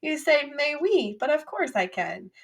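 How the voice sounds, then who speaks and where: A woman teaching a recorded French vocabulary lesson, drilling phrases with clear, upbeat repeat-after-me prompts. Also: high voice, very animated, a little slow, a bit bright.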